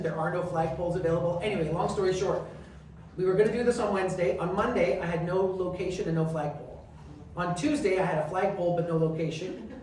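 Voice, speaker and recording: A Canadian man speaks as a guest, telling lively stories and acting out the voices of the people in them. He is picked up by a distant mic in a very echoey room, and a faint noise runs underneath. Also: high-pitched. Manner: animated, acts out quoted dialogue. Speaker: guest speaker, member of parliament. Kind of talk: storytelling talk.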